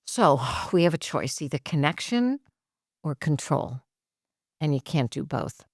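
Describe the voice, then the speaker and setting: A woman therapist from Massachusetts, a guest on a podcast, who talks in an animated, laughing way and tells stories with enthusiasm. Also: sits low, measured pace, dry recording, studio quality. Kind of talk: casual podcast interview.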